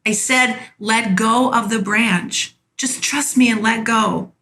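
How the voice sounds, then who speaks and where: A woman voicing the Lord as a calm, patient male voice from above, gentle and reassuring. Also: on the high side, slow, heavily acted. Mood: firm.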